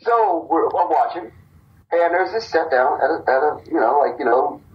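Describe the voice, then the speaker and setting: A man's voice: fairly high pitch, expressive, normal speed, dull audio. A man co-founder of a wrestling company, casually telling a long story on a podcast and acting out the quotes.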